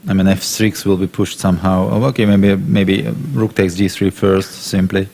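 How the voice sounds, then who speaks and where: A man's voice: low voice, level tone, moderate pace, a little mellow. A man co-commentating on a chess game, working out moves aloud in a hesitant, back-and-forth way.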